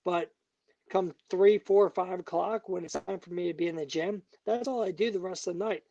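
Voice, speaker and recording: A man's voice: sits high, normal speed, vocal fry, dark tone, muffled recording. A man, a bare knuckle fighter, talking as a guest in a heated interview, angry, emphatic and profane.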